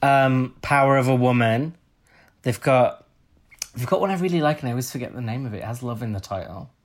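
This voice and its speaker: A man's voice: medium pitch, animated, a little fast. A man co-hosting a casual podcast chat, giving blunt, opinionated takes and swearing freely. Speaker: podcast co-host. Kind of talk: casual chat reviewing a TV show.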